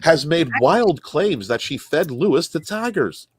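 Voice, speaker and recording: Animated man reading news aloud. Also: fairly high pitch, unhurried, husky, dry recording. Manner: reads stories aloud, stumbling and correcting himself, laughing often. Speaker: podcast host reading news. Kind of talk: casual podcast news reading with banter.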